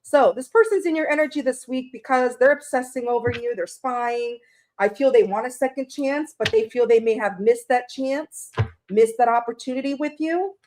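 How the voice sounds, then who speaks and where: A woman's voice: a little high, normal speed, a little mellow. A woman reading tarot on a casual live stream, chatty and rambling, greeting viewers by name and laughing at her own slips.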